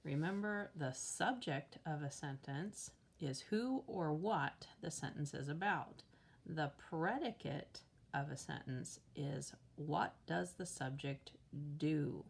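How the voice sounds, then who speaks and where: Slow low-voiced woman teacher. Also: creaky, slightly rough. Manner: patient, explains step by step, counts aloud. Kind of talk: slow worksheet walkthrough for children.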